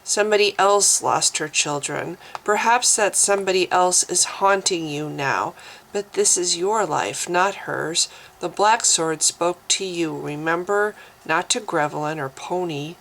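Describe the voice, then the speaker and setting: A woman voicing a calm, stern human man who leads, speaking quietly and in measured words. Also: on the low side, creaky, slight background noise, low-quality recording. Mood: soothing.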